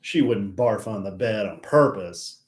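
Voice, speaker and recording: A man's voice: on the low side, lively intonation, measured pace. A man co-hosting a live stream, chatting casually and playfully, teasing his viewers and talking to his dogs.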